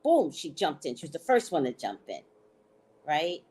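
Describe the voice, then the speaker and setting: A woman host telling a story in a casual chat, animated and laughing, salty, often checking in with "right?". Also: deep voice, moderate pace, breathy edge. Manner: frank, salty slang.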